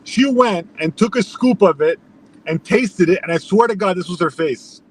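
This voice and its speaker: Iranian-born man, high voice, animated rant, casual stream chat. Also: moderate pace, breathy edge. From Iran. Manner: animated ranting storyteller, swears a lot. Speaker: streamer telling a story.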